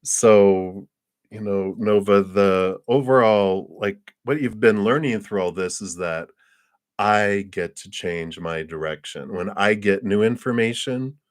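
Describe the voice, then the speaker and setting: A man giving a live-streamed tarot card reading. He rambles in an unhurried way, with many fillers and soft laughs between thoughts. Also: on the low side, no room sound, clean studio sound.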